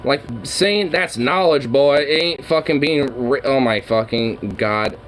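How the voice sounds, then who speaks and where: A man's voice: mid-range voice, unhurried, a bit bright, a little hiss or hum, low-quality recording. A man streaming and chatting casually, swearing constantly and rambling heatedly with lots of fillers.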